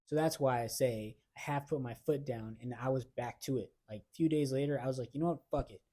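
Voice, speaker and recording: Young male podcast co-host, mellow tone, candid slangy storyteller. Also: mid-range voice, fairly quick. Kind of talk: casual chat.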